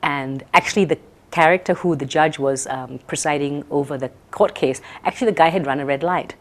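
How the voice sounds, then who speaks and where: A woman's voice: sits low, brisk. A woman from Malaysia, a performer chatting casually in an interview and laughing often.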